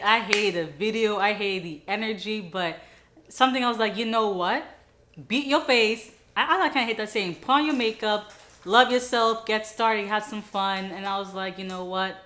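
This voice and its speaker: A young woman talking casually and upbeat in a motivational vlog, chatty and quick to laugh. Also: medium pitch, a bit bright. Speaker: vlogger.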